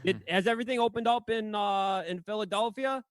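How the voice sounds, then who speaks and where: A man co-hosting a casual podcast, throwing in profane, deadpan ironic jokes. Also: high voice, a little fast, dry recording. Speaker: podcast co-host. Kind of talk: casual chat.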